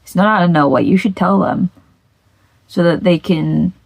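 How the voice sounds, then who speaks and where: A woman reading confession posts aloud and reacting bluntly, with frequent swearing and soft, half-whispered asides. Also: fairly low pitch, moderate pace, vocal fry, no room sound, rough recording. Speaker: reddit story reader.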